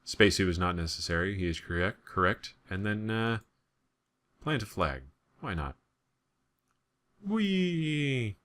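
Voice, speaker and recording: Low-pitched and sharp-toned at a normal speed, a let's play gamer from the US talks casually and wanders off topic with jokes as he plays. He speaks with a General American accent.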